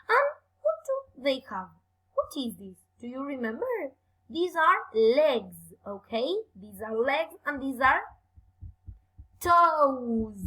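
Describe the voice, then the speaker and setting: A young woman leads a bilingual English lesson for children. Her voice sits high and sounds bright, and her pitch swings widely. She is encouraging throughout and slows down to stress each new word. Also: poor audio. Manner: lively, encouraging, slow careful emphasis on words. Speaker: English teacher.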